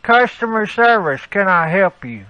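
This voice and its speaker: A man's voice: high-pitched, lively intonation, unhurried, bright, forceful tone, exaggerated voice. A prank caller playing a rude, impatient male delivery service rep who fires questions at the caller. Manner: curt, interrogating, repeating questions. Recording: dull, lo-fi phone audio.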